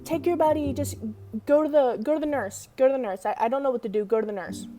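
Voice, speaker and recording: A woman's voice: sits high, quick pace, voice pushed up, natural voice. A woman voicing a flustered male gym coach who panics and repeats himself, over music. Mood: panicked. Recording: music playing underneath.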